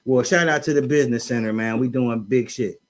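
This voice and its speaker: A man hosting a casual podcast, hyping up the show and giving shout-outs in a loose, chatty way. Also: mid-range voice, fairly quick. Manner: hypes up, gives shout-outs, says "you know what I mean". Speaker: podcast host.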